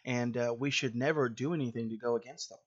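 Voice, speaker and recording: A man's voice: mid-range voice, steady tone, fast talker. Plain-spoken preacher man, lo-fi recording. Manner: plain conversational preaching with fillers. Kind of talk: sermon.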